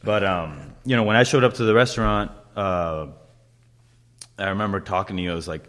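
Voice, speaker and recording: A young man hosting a casual chat, telling animated stories and swearing often as he acts out quotes. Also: lowish voice, brisk. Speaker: podcast host, chef.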